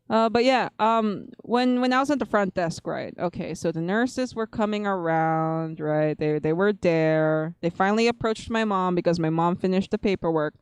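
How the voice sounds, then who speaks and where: Giggly woman streamer rambling thru a story at home, smooth clear voice, dry close sound. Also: fairly low pitch, moderate pace, hardly any pauses, dry recording. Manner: giggly, rambling, laughs often. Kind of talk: casual storytime chat.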